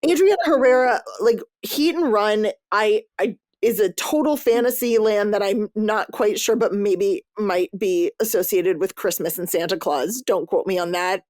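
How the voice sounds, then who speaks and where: A woman hosting a podcast, chatting casually about books she read, lively and loose, cursing freely as she goes. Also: medium pitch, moderate pace, few pauses, no room sound, studio quality. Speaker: podcast host. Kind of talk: casual book review chat.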